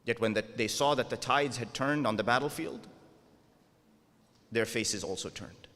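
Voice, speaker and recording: A man's voice: mid-range voice, normal speed, fairly bright tone. A man delivering an earnest sermon, often asking his audience rhetorical questions. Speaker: preacher. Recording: long hall reverb.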